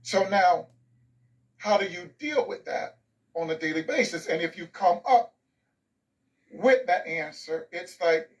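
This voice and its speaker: An author in his sixties tells stories as a guest in an interview, sounding emphatic and fond of rhythmic lists. His voice is high and animated but a little slow, with frequent pauses, on a low-quality recording with a distant mic.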